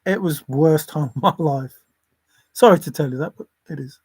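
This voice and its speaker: A man's voice: on the high side, normal speed, darkish tone, husky, no echo. A man hosting a casual livestream, rambling between topics, often chuckling and apologizing. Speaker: livestream host.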